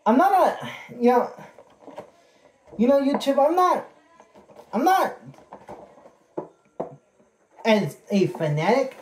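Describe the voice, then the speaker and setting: A man chatting casually to camera while unboxing birthday presents, excitable and folksy, repeating his words. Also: very high-pitched, slow pace, long pauses. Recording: echoey room with faint noise.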